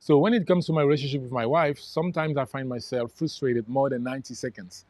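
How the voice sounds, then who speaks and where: A man's voice: mid-range voice, fast, darkish tone, dry recording. A man speaking as a spiritual life coach, talking casually and reflectively to live viewers, with frequent restarts. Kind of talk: casual livestream talk.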